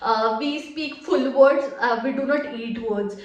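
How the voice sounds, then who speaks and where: A woman's voice: high-pitched, unhurried. A woman with an Indian accent giving her opinion in a casual reaction chat, hesitant with frequent "uh"s. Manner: hesitant, full of "uh" and restarts. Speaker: reaction channel co-host. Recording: echoey room, voice set off-mic.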